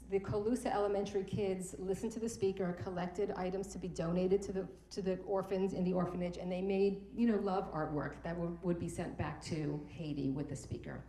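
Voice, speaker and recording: A woman's voice: on the low side, fairly even intonation, brisk, hardly any pauses, warm tone, slight background noise. A middle-aged woman giving a heartfelt personal talk at a morning event, emotional and repeating words when she is moved. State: tearful at times. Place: event room. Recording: echoey room.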